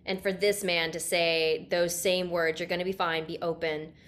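A woman guest telling a lively personal story in a casual interview, often laughing and acting out what she said at the time. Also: lowish voice, moderate pace. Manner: animated, laughing, acts out her own past lines. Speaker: guest, sound healing practitioner.

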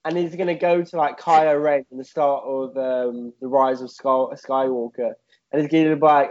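A man's voice: medium pitch, fairly even intonation, normal speed, darkish tone. A young man in rambling, comic chat that is full of "like". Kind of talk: casual comedic podcast chat. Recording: dull lo-fi audio.

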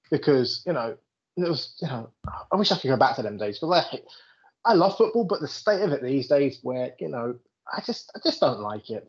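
A British man co-hosting a podcast, chatting about football with lots of laughter and swearing. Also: medium pitch. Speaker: podcast co-host. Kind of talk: casual chat about football. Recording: dull lo-fi recording.

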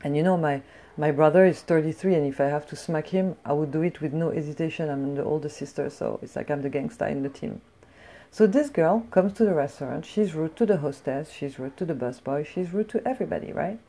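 A middle-aged woman from France telling a blunt, profane story in a casual, animated rant. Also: sits low, fairly quick. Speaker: vlogger.

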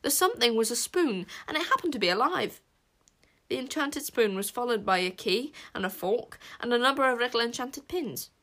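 A woman reading a children's fantasy story aloud with expressive narration. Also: on the high side, moderate pace. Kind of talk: audiobook narration.

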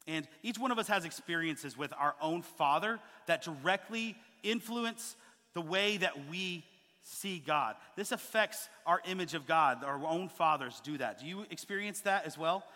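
A man in his thirties preaching a sermon as a pastor, telling stories with lively acted-out quotes. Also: a little high, long reverb tail. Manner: animated storytelling, acting out quoted voices. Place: church sanctuary.

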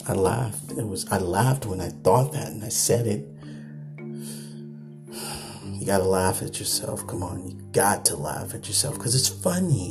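A man's voice: fairly low pitch, expressive, normal speed, few pauses, darkish tone, faint music behind. A man hosting a late-night podcast, ranting in a loose, repetitive way and laughing at himself. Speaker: podcast host.

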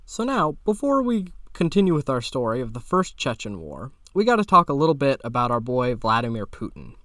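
A young man hosts a podcast and tells a story half off the cuff, with a cheeky, sarcastic edge and casual swearing. His voice sits in an ordinary middle pitch and jumps up when he stresses a point. The sound is dry and close, with no room echo. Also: brisk. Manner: animated pitch jumps for emphasis. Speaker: podcast host.

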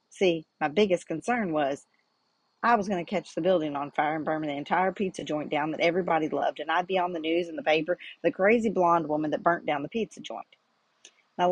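A woman's voice: on the low side, slightly rough, dry recording. A middle-aged woman hosting a podcast, telling a personal story in an earnest, faith-centered way. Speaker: podcast host.

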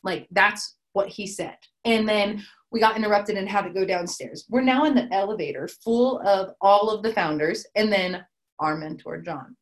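Animated woman telling a founder story. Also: medium pitch, normal speed. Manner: animated, acts out quoted dialogue. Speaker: startup co-founder. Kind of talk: casual storytelling chat.

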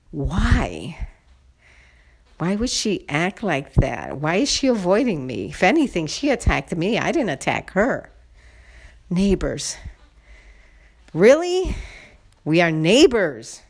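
Indignant woman venting about a neighbor. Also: low voice. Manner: indignant, venting, talks to viewers directly. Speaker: vlogger. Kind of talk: casual storytelling to camera.

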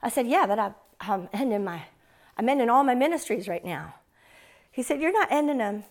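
A woman's voice: fairly high pitch, expressive, a little fast. A woman preacher, telling a tearful personal story and then praying fervently over her congregation in a church. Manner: earnest, tearful, rising to fervent prayer. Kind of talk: emotional sermon and closing prayer.

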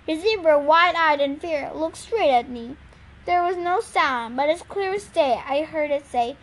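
A woman's voice: sits high, a little slow, a bit bright. A woman reading a novel aloud in an earnest, plain storytelling manner. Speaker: reader.

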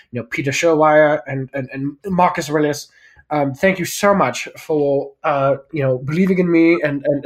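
A man's voice: a little high, lightly acted. A man doing a timid English award winner. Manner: hesitant, soft, rambling thanks.

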